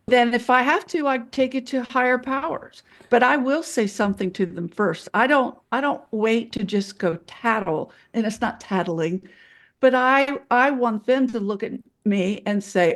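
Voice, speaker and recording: Podcast co-host lady, blunt and lively, tells it straight, voice on the high side. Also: normal speed. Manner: blunt, animated storyteller. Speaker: podcast co-host, nurse anesthetist. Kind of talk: candid podcast conversation.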